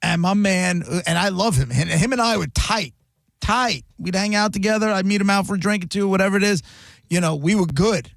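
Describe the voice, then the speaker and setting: A high-pitched, gravelly male radio host talks fairly quickly in casual on-air banter, vividly telling stories and voicing other people's lines. The recording is dry, with clean studio sound.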